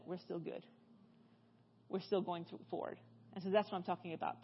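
Fast-talking woman preaching in church. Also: on the low side, slightly rough, muffled recording. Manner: animated, conversational, questions the audience. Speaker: guest speaker. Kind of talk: sermon storytelling.

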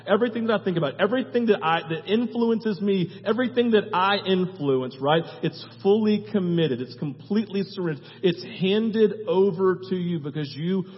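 High-voiced preacher in an echoing hall. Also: male voice, normal speed, hardly any pauses. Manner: emphatic, repeats lists, tags phrases with "right?". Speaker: pastor. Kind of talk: sermon. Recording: long hall reverb, dull sound.

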